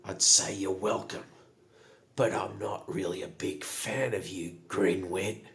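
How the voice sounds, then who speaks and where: A man's voice: low-pitched, steady tone, a little slow, fairly bright tone. A man doing a curt, menacing goblin rogue woman. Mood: scornful. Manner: curt, threatening. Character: cunning, contemptuous female goblin rogue. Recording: echoey room.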